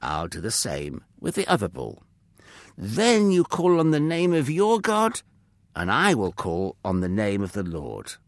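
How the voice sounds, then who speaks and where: A man's voice: lowish voice, huge pitch swings, unhurried, dry recording, full character voice. A man voicing a bold fervent prophet. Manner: commanding, emphatic calls.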